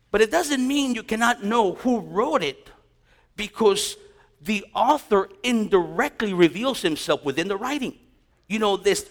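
A man teaching a Bible class as a pastor, telling stories with animated storytelling and acting out encounters. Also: on the high side. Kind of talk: sermon.

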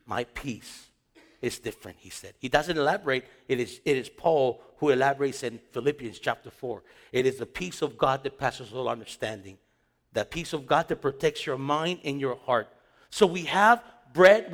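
A man's voice: a little high, fairly bright tone. Emphatic male preacher in a reverberant hall. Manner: emphatic preaching with repeated phrases and sudden rises in volume. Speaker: pastor. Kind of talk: sermon.

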